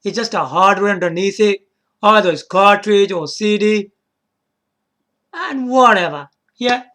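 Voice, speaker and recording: A man's voice: high-pitched, a little slow, bright, forceful tone. A man casually talking through a solo video, rambling, repeating words and checking in with the viewer. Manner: chuckles to himself and apologizes. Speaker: video game vlogger.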